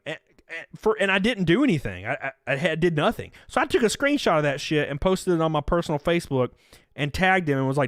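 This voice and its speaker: A man in his thirties talks casually to his live chat, swearing freely as he rambles from one story to the next. His voice sits a bit high for a man and swings up and down with energy. The sound is dry and close, with no room echo. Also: fast talker. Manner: profane, rambling, animated. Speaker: livestream host.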